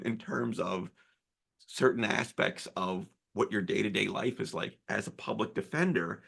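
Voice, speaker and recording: Halting man with a gravelly voice. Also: medium pitch. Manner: hesitant, halting, many fillers. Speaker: interviewer. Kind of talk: interview questions.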